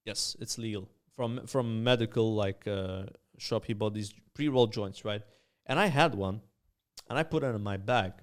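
A young man from Malta, a podcast guest telling rambling, animated anecdotes full of fillers. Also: lowish voice, moderate pace. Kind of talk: casual storytelling.

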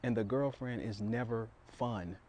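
A man's voice: mid-range voice, unhurried, a little mellow. A man delivers a casual opinion monologue in a mid-range voice. He is blunt and provocative and talks straight to his viewers. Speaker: commentator addressing viewers.

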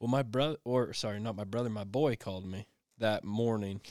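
A man's voice: lowish voice, fairly quick, darkish tone, no echo, clean studio sound. A man hosting a casual talk, telling stories in a rambling way with many restarts. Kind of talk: casual conversation.

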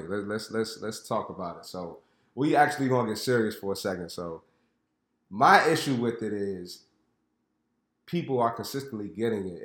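A man's voice: lowish voice, echoey room. A young man with a stuffy voice from a cold, hosting a fitness podcast in a blunt, joking way that turns preachy about health. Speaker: podcast host. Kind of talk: casual podcast talk.

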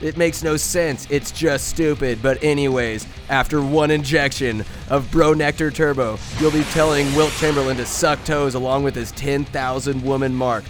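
Man playing a loud bro announcer for a parody radio ad, brash and crude. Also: mid-range voice, steady tone, normal speed, few pauses, over music, lightly acted. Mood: hyped. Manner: brash, crude hard-sell. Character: loud hypermasculine bro ad pitchman.

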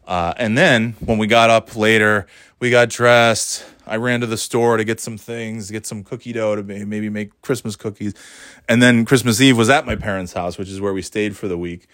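A man's voice: lowish voice, fairly even intonation, moderate pace, a bit bright, clean tone, no echo, studio quality. A middle-aged man casually recounting a family holiday in a rambling, chatty way, often laughing and acting out what people said. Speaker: parent telling a family story. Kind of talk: casual storytelling vlog. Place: warm indoor room.

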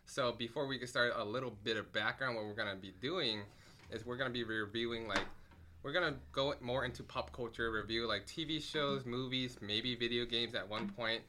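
A man's voice: mid-range voice, fairly quick, pushed and bright, slight background noise. Upbeat laughing man hosting a podcast. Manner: upbeat, laughs often, stumbles and repeats words. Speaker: podcast host. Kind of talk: casual podcast chat.

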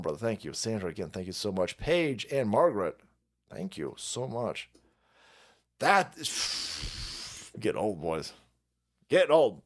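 A foul-mouthed man in middle age hosts a live stream, his pitch rising and falling a great deal as he rants. He rambles and mocks, then stops to thank viewers for their donations. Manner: reads donor messages aloud. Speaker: livestream host. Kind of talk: profane political rant and chat reading.

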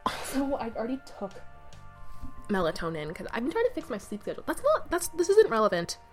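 A woman's voice: a little high, huge pitch swings, a little fast, darkish tone, faint music behind. A young adult woman hosting her own podcast, chatting alone in a rambling, scattered way with many fillers and self-corrections, recorded on her bed with the mic on her knee. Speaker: podcast host. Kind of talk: rambling solo podcast chat. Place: sitting on her bed at home. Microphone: mic balanced on her knee.

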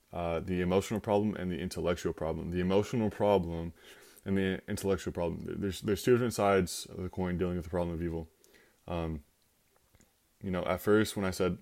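A man's voice: sits low, a little mellow. A man giving an informal Christian teaching talk, conversational and acting out little scenarios with quoted voices.

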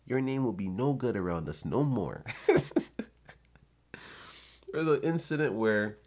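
A man giving blunt, profane advice in a casual rant to his viewers. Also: low-pitched.

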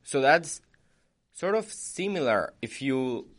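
A man's voice: mid-range voice, very animated, slow pace, a bit bright. Young man explaining things on a podcast. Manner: explanatory, reads out information. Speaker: podcast host. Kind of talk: casual chat.

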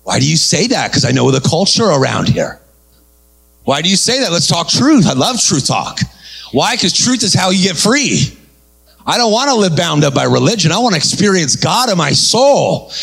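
A man's voice: sits high, vocal fry, fairly bright tone, husky, poor audio. A man preaching a sermon in punchy bursts, calling on the congregation to answer back. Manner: punchy call-and-response preaching. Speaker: pastor.

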